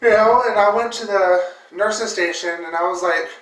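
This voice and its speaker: Woman, vlogger, emotional storyteller, lots of fillers, bright tone, roomy echo, distant mic. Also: lowish voice, moderate pace. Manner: emotional, full of fillers and repeated words. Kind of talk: personal storytelling.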